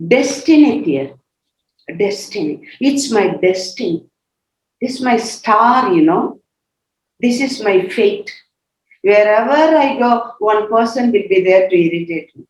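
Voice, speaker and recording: Emphatic religious sister, echoey talk. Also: female voice, a little high. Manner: emphatic, repeats key words, asks rhetorical questions. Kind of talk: spiritual talk. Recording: echoey, slightly dull recording.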